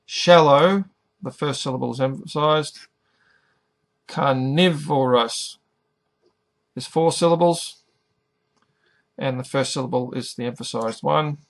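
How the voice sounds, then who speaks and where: A middle-aged man teaching an English lesson, pronouncing each word carefully and deliberately. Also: medium pitch, steady tone, vocal fry. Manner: careful, over-articulated pronunciation. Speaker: ESL teacher.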